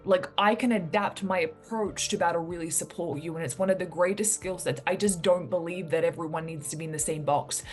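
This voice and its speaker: Earnest New woman a lowish voice. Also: fairly quick, few pauses, soft background music. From New Zealand. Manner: earnest, animated when quoting others. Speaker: mentor and entrepreneur. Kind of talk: reflective personal story to camera.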